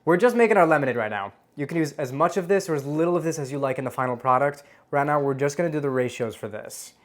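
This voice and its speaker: Talking fast in a mid-range voice, a host gives a casual cocktail tutorial from home. They're chatty and lighthearted, laugh at themselves, and savor the drinks out loud with hums.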